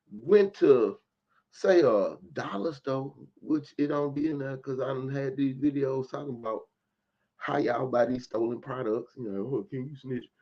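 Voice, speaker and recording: A man delivers a heated, profanity-laced rant to his camera with a mid-pitched voice. He swings between clipped bursts and drawn-out emphasis. The recording sounds dull and lo-fi. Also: darkish tone, husky. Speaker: vlogger commentator. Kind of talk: ranting commentary.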